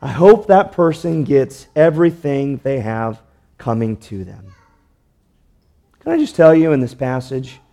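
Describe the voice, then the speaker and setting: A man's voice: mid-range voice, animated, measured pace, warm tone. A man preaching a sermon, earnest, asking rhetorical questions and drawing out key words for emphasis. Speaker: pastor.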